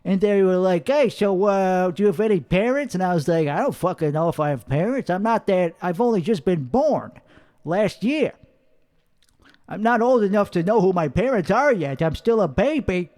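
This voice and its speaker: A man's voice: high-pitched, animated, moderate pace, darkish tone. A man performing a brash, clueless young man persona in a karaoke bar, rambling and cursing as he interrupts himself. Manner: profane, rambling, self-interrupting. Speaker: comedy character performer. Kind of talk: in-character rambling stand-up. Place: karaoke bar with colored lights.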